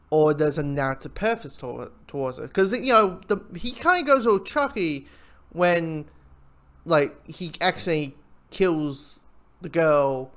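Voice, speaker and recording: A TV reviewer giving a casual spoken episode review, excitable and swearing, loudly quoting their own reactions. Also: medium pitch.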